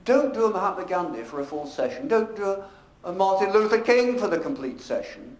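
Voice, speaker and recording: Man, conference talk, fairly high voice, emphatic and measured, roomy hall sound. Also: sing-song. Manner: measured, emphatic delivery, varies volume and pace. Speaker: professional speaker presenting at a convention. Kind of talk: conference presentation. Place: convention function room. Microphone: handheld or stage microphone. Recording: echoey conference room.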